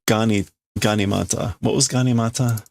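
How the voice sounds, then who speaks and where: A man's voice: fairly low pitch, steady tone, moderate pace, gravelly, a little mellow, no room sound. A man casually translating manga on a live stream, thinking aloud, correcting himself and chuckling as he works out meanings. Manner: musing, self-correcting, chuckling.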